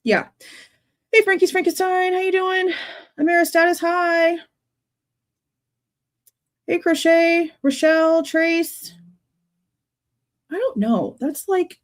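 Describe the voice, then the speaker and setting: A woman's voice: very high voice, takes it slowly, long pauses. A young woman hosting a true crime livestream, chatting casually, sounding exasperated and greeting viewers in the chat by name. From Texas.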